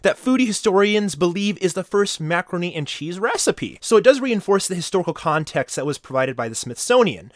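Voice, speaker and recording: A man's voice: high voice, fairly quick, hardly any pauses, no echo, studio quality. A man hosting a video, reading articles aloud and joking playfully between lines. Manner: playful, wisecracking and animated. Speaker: video host.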